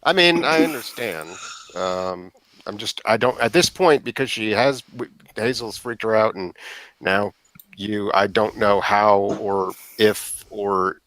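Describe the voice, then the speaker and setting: A man's voice: fairly low pitch, measured pace, a bit bright, dry recording. A man playing a tabletop game, chatting animatedly and stumbling over his words. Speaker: player.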